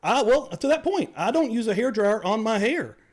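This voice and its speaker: A man's voice: extremely high pitch, big pitch swings, normal speed. A man co-hosting a live show, chatting casually with loose, profane banter. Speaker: podcast co-host. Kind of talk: casual livestream chat.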